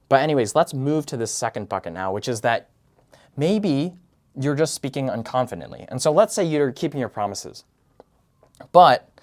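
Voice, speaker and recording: A man talking straight to camera with casual advice on sounding confident. He explains his points in a structured way and demonstrates tones as he goes. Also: mid-range voice. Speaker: YouTube creator giving career and communication advice.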